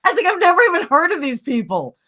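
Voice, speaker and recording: A blunt New York woman hosting a casual livestream, venting about online feuds with plenty of swearing. Her voice is bright and forward, and she talks with fiery, animated indignation. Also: extremely high pitch, rapid-fire. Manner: blunt, swears freely, heated storytelling. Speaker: livestream host.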